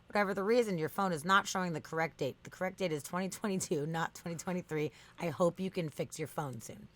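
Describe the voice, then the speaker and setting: A woman voicing a self-righteous chatbot that lectures in a low, firm tone. It talks in insistent, repeating lists and never gives ground. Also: fast, a bit bright, lightly acted. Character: stubborn defensive chatbot, machine, self-righteous.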